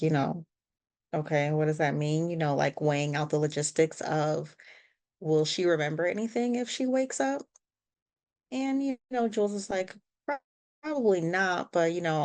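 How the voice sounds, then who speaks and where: Lower-voiced woman podcast co-host. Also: gravelly, darkish tone. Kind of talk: casual recap of a TV episode.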